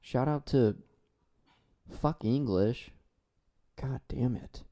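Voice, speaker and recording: A man with a very dark, low-toned voice hosts a comedy talk show by himself. He drawls slowly, drifting from one absurd thought to the next in a deadpan manner.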